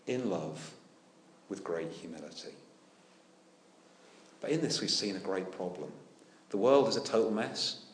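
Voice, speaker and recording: A man preaching a sermon, animated and full of rhetorical questions with dry humour. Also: lowish voice, roomy sound. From United Kingdom. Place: church.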